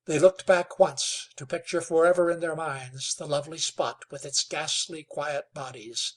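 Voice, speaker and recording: A man reading a western novel aloud in a measured, steady way. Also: on the high side. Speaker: audiobook narrator. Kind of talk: scripted narration.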